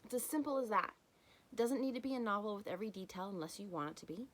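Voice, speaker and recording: A woman talks alone on her podcast, coaching the listener directly. She is emphatic and animated, and she punches key words with sudden loud, higher bursts before settling back. Her voice sits at a middle pitch for a woman. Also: fast, rough recording. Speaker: podcast host. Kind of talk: solo podcast monologue.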